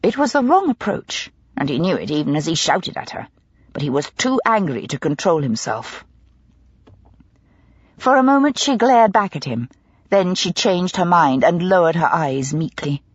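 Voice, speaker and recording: A woman narrating a mystery audiobook in a dramatic, expressive storytelling manner. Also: on the low side, normal speed, slightly rough, no echo, highs cut off. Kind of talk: scripted narration.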